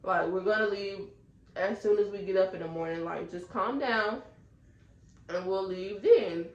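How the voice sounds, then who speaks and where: A woman voicing a calm but firm mother, in an echoey room. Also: medium pitch, a little slow, muffled recording, natural voice. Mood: soothing firm. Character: calm firm mother trying to settle a friend.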